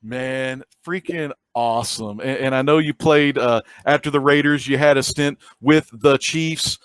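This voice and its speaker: A man's voice: mid-range voice, unhurried, fairly bright tone, clear, resonant tone, dry recording. Eager man hosting a casual interview. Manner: enthusiastic, slangy, rambling questions. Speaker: host.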